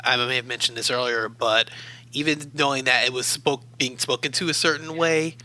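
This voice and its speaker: Very bright-voiced calm man. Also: medium pitch, low-quality recording. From Baltimore, USA. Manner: measured, thoughtful, calm. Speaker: guest, academic adviser. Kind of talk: reflective interview storytelling.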